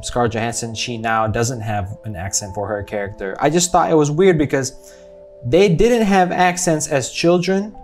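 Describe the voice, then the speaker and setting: A man with an American accent giving a casual, rambling movie review, chatty and often correcting himself mid-sentence. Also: mid-range voice. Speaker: film reviewer.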